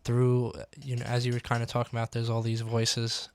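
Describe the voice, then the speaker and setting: A man hosting a radio interview in a studio, speaking in a relaxed, affirming way with frequent hesitations and fillers. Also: mid-range voice, fairly quick, clear, resonant tone. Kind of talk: casual conversational interview.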